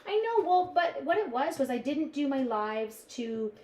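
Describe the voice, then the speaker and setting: A woman's voice: high-pitched, expressive, normal speed, darkish tone, roomy sound, poor audio. A woman hosting a casual live-stream craft demonstration from her home craft room, chatting with viewers in the chat as she works. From Canada.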